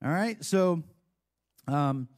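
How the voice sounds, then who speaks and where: High-voiced man preaching a sermon. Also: animated, very slow, a little mellow. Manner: conversational preaching, frequent asides and call-and-response. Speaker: pastor.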